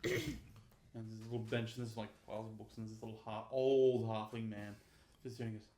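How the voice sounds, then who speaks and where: A man's voice: on the low side, sing-song, fairly quick, mellow, echoey room. A middle-aged man narrating a tabletop game as game master, with playful banter. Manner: laughs often, playful banter.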